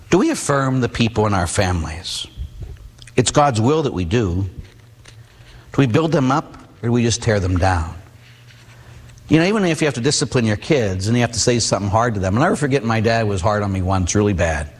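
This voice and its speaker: A man's voice: fairly low pitch, big pitch swings, a little fast, husky. A middle-aged man, a Catholic priest, preaching a sermon, telling personal stories and asking the audience questions. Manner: storytelling, rhetorical questions to the audience. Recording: long hall reverb.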